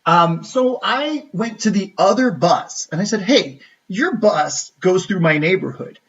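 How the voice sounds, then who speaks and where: A young man from the United States tells a story in a relaxed livestream, animated and acting out the voices of the people in it. His voice sits a bit high. The sound is dull and lo-fi, and the mic is some distance away. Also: unhurried. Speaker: college counselor, channel host.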